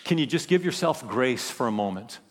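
A man preaching a sermon as a pastor, with impassioned delivery that swings between loud emphasis and hushed, quiet phrases. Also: medium pitch, lively intonation, moderate pace, big-room sound. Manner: impassioned preaching, rising and dropping to near-whispers.

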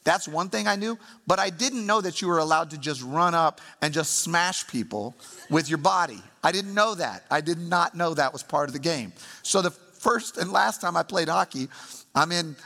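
A lively man preaches with a bright, ringing tone and a voice that leaps up and down as he drives his points home. He breaks off to quiz the congregation and tell stories, and his words trail off into a long hall echo. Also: on the high side, normal speed, vocal fry. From St. Louis, Missouri. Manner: animated, emphatic storytelling with congregation asides. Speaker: pastor. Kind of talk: sermon.

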